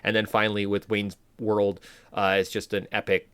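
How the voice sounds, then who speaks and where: A man's voice: lowish voice, monotone, moderate pace, a bit bright, smooth, no room sound. A man co-hosting a podcast in casual chat, enthusiastic and rambling with lots of fillers. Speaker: podcast co-host.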